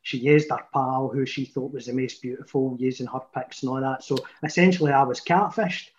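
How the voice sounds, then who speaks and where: A man's voice: fairly even intonation, brisk, a little hiss or hum. A Scottish man in his thirties with a Glasgow accent, telling a long, sweary personal story to friends in a casual chat. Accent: Scottish, Glaswegian. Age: 30s. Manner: chatty, swearing, dropping to a low mutter for his inner thoughts. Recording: echoey room, muffled sound.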